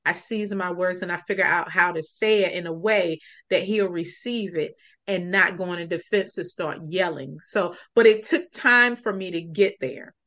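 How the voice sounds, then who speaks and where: A woman's voice: on the low side, normal speed, a bit bright. Earnest woman telling a personal story. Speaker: podcast guest.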